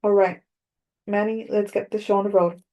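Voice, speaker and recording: A woman reading a storybook, voicing a gruff old male coach with a thick Brooklyn accent who barks at his team. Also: mid-range voice, flat delivery, moderate pace, warm tone, highs cut off, close to an everyday voice. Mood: barking.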